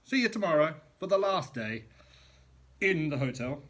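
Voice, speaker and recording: A man's voice: fairly high pitch, very animated, moderate pace, fairly bright tone. A middle-aged man, a chef, chatting casually in a vlog from a hotel room, rambling and eating as he talks. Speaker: chef vlogger.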